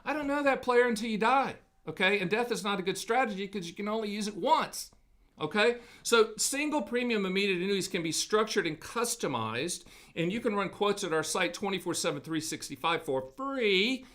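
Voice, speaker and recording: A man hosts a live studio broadcast, talking in a folksy, punchy salesman's banter. His voice sits high and bright, with a ringing edge. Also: animated, brisk. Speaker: host of an annuity live event. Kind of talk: energetic sales-education talk.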